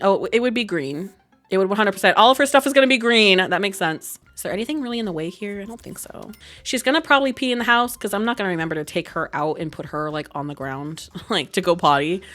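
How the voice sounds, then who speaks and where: A young woman casually commenting while she plays a life-sim game, chatty and giggly, breaking into high squeals over cute moments. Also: a bit bright. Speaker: gaming video creator. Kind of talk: casual let's-play commentary.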